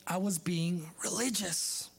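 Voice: medium pitch, slow, creaky. A preacher giving a sermon in a conversational style, with joking asides and laughter.

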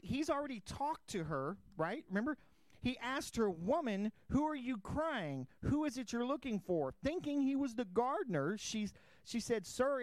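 A man's voice: high-pitched, clear, resonant tone, no echo. A man preaching as pastor, reading scripture aloud and asking his listeners direct questions. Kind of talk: sermon.

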